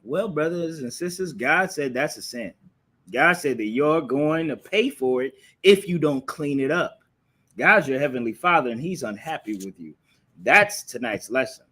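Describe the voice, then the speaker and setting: A man's voice: on the high side, animated, moderate pace, pushed and bright. Man preaching a scolding live class. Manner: rhetorical questions, repeats phrases for emphasis. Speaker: religious class teacher. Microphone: streaming live from a phone or computer.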